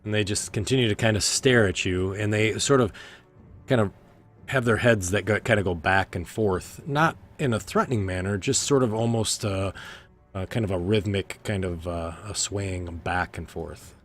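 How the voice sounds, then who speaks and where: A man narrating a tabletop game as game master, slow and hesitant with lots of fillers. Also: fairly low pitch, faint music behind.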